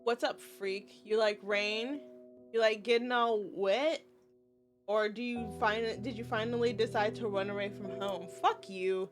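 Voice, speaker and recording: A woman's voice: medium pitch, steady tone, a little slow, faint music behind, natural voice. A woman reading as a sneering village bully boy. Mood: taunting. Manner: taunting, sneering.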